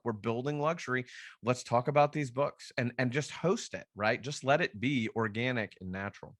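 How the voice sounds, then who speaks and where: A man leads a relaxed sales training session, mixing advice with stories. He talks in a lively, chatty way and slips into quoted voices to act out phone calls. His voice sits at an ordinary pitch, recorded close and dry with no room sound. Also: dry recording. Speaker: luxury real estate trainer. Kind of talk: conversational training talk with storytelling.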